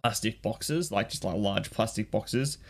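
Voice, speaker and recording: A man's voice: fairly low pitch, measured pace. A man interviewing a guest over a remote call, in a casual, rambling way with stammered restarts and frequent ums.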